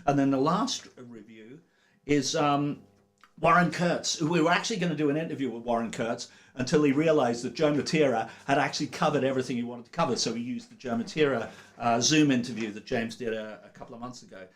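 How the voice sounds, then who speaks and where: A man's voice: mid-range voice, fast talker. A man hosting a casual livestream from a studio, chatty and rambling in an upbeat way. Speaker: livestream host.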